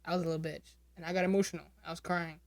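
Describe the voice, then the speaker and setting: A man's voice: fairly high pitch, little pitch movement, very fast, creaky, no echo. A young man co-hosting a casual podcast, telling a story in slangy talk with frequent laughter. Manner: laughs often, slangy storytelling voicing others. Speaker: podcast co-host. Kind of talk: casual chat.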